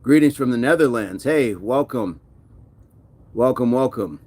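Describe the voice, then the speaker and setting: Man, mid-pitched, fitness livestream host, chatty, reads comments aloud, laughs a lot, between sets. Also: lively intonation, unhurried, darkish tone, breathy edge. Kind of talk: casual live-stream chat.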